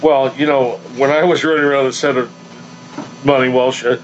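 Animated storytelling man, lo-fi sound. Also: mid-range voice, moderate pace. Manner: animated, acts out quotes with laughter. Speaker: podcast co-host telling a story. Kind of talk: casual storytelling. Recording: dull lo-fi podcast audio with faint noise.

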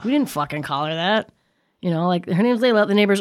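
Woman, middle-aged, casual chat, swearing, animated storyteller, mid-pitched voice. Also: fast. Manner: profane, animated storytelling with acted-out quotes.

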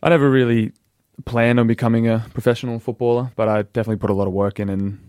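A man's voice: mid-range voice, flat delivery, rapid-fire, darkish tone, no echo. A young Australian man, a footballer guest, answering in a laid-back way with dry humour and trailing fillers. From Brisbane, Australia. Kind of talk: casual podcast interview.

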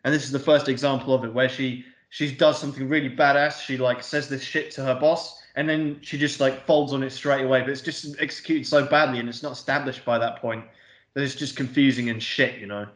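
A man's voice: mid-range voice, steady tone, fairly quick, fairly bright tone. A man co-hosting a podcast in casual film review chat. He rambles and swears a lot, with plenty of fillers. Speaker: podcast co-host. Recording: echoey room.

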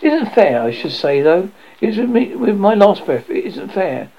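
A man's voice: high voice, sing-song, normal speed, vocal fry, dull audio, pitched above the performer's own voice, full character voice. A man voicing a pompous, proud father who blusters and sulks in a storybook reading. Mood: blustering. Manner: blustering, huffy.

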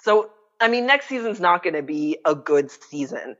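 A woman's voice: on the low side, animated, moderate pace, a bit bright. A woman from Canada talking sports on a podcast in a casual, opinionated and emphatic way, often using "like" as a filler. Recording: dull lo-fi audio.

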